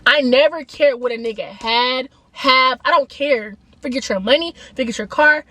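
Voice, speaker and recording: A young woman with a bright, high voice tells a story straight to her viewers. Her delivery is animated and emphatic, full of casual slang. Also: normal speed, no echo. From Atlanta, USA. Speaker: vlogger. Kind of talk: storytime vlog, casual retelling.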